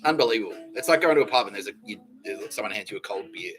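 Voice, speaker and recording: A man's voice: lowish voice, lively intonation, rapid-fire, fairly bright tone, rough recording. A man hosting a podcast in a rambling, profane, jokey comedic monologue. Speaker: podcast host. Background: faint background music.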